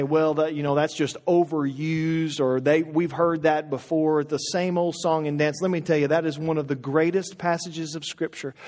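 A middle-aged man preaches with a notably high voice, pressing his congregation to repeat after him. His fervor climbs as he goes on. The sound carries a long reverb, as in a large hall. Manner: preaching with rising fervor, calling the congregation to respond. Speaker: pastor. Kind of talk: sermon.

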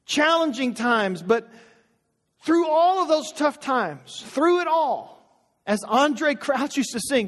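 A middle-aged man preaches with a notably high voice, pressing his congregation to repeat after him. His fervor climbs as he goes on. The sound carries a long reverb, as in a large hall. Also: expressive, slow, a bit bright. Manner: preaching with rising fervor, calling the congregation to respond. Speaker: pastor. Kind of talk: sermon.

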